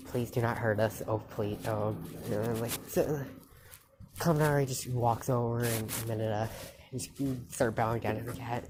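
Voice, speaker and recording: A woman telling an improvised fan story in a halting, loose way, with quick quoted lines. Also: very deep voice, steady tone, background noise.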